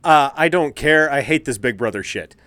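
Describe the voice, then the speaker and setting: A man's voice: mid-range voice, expressive, normal speed, sharp tone. A man co-hosting a casual podcast, profane and teasing, laughing easily. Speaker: podcast co-host. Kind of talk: casual chat.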